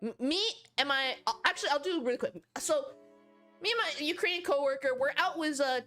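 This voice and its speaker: A young woman with a high, light voice tells funny stories from work on a livestream. She rambles and keeps breaking into laughter at her own tales. Soft music plays quietly underneath. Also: quick pace. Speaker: streamer. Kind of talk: casual livestream storytelling.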